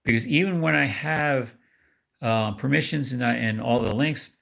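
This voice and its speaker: A man from New York chats loosely with his live-stream viewers, his voice carrying a gravelly, creaky edge. He talks at a middling pitch, rambling from one thought to the next and laughing at himself now and then. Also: moderate pace, fairly bright tone. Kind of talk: casual live-stream chat.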